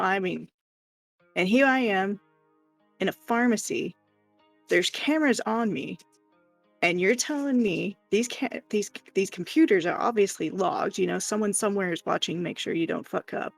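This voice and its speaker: A woman casually telling a work story on a live stream, animated and exasperated, with some profanity. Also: mid-range voice, moderate pace, vocal fry, no echo, soft background music. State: hiccuping.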